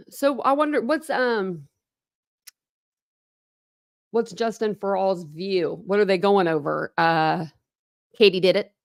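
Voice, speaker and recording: A woman with a Southern twang, from Ohio, hosting a true crime livestream. She rambles casually through her thoughts with plenty of fillers and side comments, her voice slightly gravelly. The sound is dry and close. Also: mid-range voice, no room sound. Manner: rambling and chatty, many fillers and quick asides. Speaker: true crime channel host.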